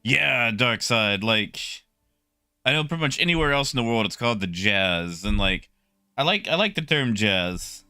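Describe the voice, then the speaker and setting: A young man casually chatting with his stream viewers, relaxed and talkative, greeting people by name. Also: mid-range voice, normal speed, clear, resonant tone, dry recording, studio quality. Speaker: livestreamer.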